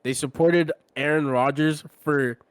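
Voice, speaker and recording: A man's voice: on the high side, fairly even intonation, measured pace, clear, resonant tone, no room sound. A man co-hosting a casual sports podcast, talking bluntly and with strong opinions, often trailing off and restarting his sentences. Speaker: podcast co-host.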